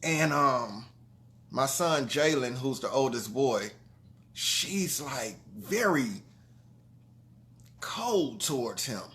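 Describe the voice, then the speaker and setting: A man with grown sons shares a heartfelt personal story in an animated, medium-pitched voice, speaking slowly with long pauses. He's earnest and chatty, regularly asking "you know what I'm saying," and his phrases trail into restarts and soft drops in level.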